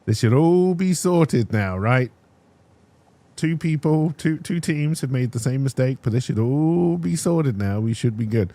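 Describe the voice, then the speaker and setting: A young man telling a casual personal story as a streamer, animated and restarting his sentences, checking in with "right?". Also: medium pitch, measured pace, no echo.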